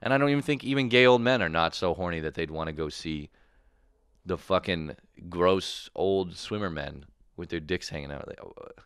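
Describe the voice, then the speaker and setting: Low-voiced man ranting comedically. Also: clean tone, dry recording, studio quality. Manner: profane, animated storytelling with impressions. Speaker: comedian podcast host. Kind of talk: solo comedic rant.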